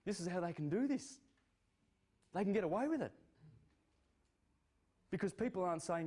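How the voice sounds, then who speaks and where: A man's voice: fairly high pitch, animated, moderate pace, pauses often, darkish tone. A man speaking casually and emphatically, rising to indignant bursts. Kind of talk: casual speech.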